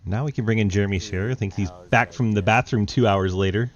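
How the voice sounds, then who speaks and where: A man's voice: lowish voice, quick pace, muffled recording. A man hosting a sim racing broadcast, teasing and laughing with drivers in casual post-race interviews. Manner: laid-back, teasing, laughs often.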